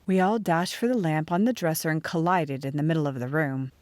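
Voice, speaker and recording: A woman narrating a first-person storybook audiobook in an expressive reading. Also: sits low, brisk, dry recording.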